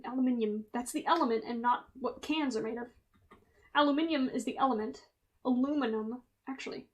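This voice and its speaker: American woman streamer, high bright voice, animated, incredulous. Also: brisk. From United States. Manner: animated, incredulous, laughs a lot. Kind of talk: casual livestream chat.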